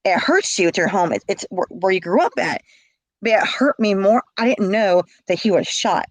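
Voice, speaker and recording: In this rough, echo-free recording, a middle-aged interviewee with a mid-range voice recounts something personal and emotional. She speaks at a moderate pace with lively intonation, going over the same points again and dramatizing the calls she quotes.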